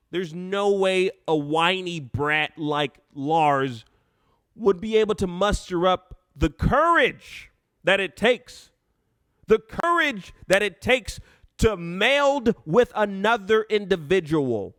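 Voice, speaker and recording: Bright, excitable man hosting a live show. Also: sits high, slow pace, dry recording, clean studio sound. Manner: animated, laughs often, talks over himself. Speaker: call-in show host. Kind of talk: live call-in show chat.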